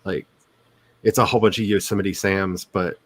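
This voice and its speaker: A man's voice: sits low, fairly even intonation, moderate pace, a bit bright, husky. A man from the Ozarks who is an author, hosting a writing stream in a casual, rambling chat. He talks in a neutral voice that is not his natural one and laughs often.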